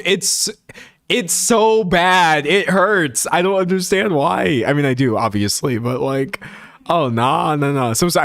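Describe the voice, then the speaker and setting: A young man streaming, chatting casually and reading out chat, often laughing and slipping into high voices. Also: dry recording, studio quality. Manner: animated, laughing, slangy, jumps into high voices.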